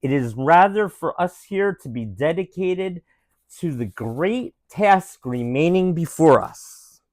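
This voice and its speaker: A solemn 1860s statesman , as a parent puts him on for the kids delivers a speech at a crawling, deliberate pace. The pitch still rises and falls with feeling. The sound is dry and close, like a quiet room at home. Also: lively intonation, no room sound. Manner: slow, grave, with drawn-out pauses. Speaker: parent reading aloud to children. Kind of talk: dramatic reading of a famous speech.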